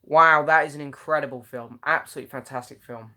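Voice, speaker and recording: A man's voice: fairly high pitch, fairly even intonation, fast talker, bright, forceful tone, slight background noise. Rambling young man on a live stream. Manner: chatty and meandering, many ums. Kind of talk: casual live chat reading comments.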